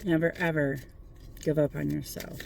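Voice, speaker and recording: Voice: mid-range voice, level tone, normal speed, vocal fry, a little hiss or hum. A tarot reader giving a casual spiritual pep talk from a parked car at night, mixing earnest encouragement with swearing and jokes. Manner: profane, joking, earnest encouragement.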